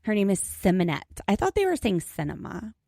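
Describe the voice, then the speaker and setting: A woman's voice: medium pitch, huge pitch swings, a little fast, gravelly, dark tone, dry recording, clean studio sound. A young woman from Pennsylvania co-hosting a podcast, chatty and giggly as she recaps an episode in casual chat. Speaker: podcast co-host.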